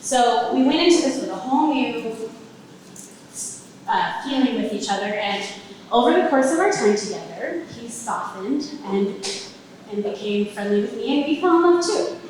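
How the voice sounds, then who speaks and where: A woman shares a personal story with a live audience in a relaxed, conversational way and tosses wry asides to the crowd. Her voice sits a little high. It is recorded from some way off in a very reverberant room, with a faint hum of ambience behind her. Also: moderate pace. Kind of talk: personal story told on stage. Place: event venue with a live audience. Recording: very echoey room, mic at a distance.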